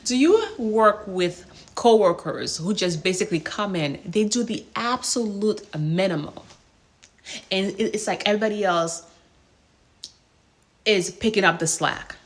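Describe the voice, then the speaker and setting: A woman hospice nurse telling a work story in a casual vlog, in an animated, exasperated way with many rhetorical questions. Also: mid-range voice, a little slow, long pauses.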